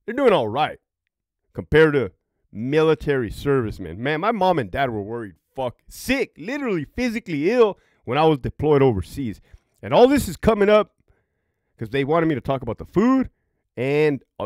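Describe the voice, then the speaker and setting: A man's voice: on the high side, wildly swooping pitch, normal speed, a little mellow, dry recording, studio quality. A middle-aged man, a former prison guard and veteran, telling stories in a profane, rambling, casual way. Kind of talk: casual vlog storytelling.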